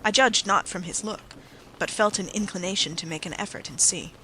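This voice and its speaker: Bright-voiced audiobook narrator. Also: medium pitch, a little fast, slight background noise, rough recording. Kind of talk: scripted first-person narration for sleep.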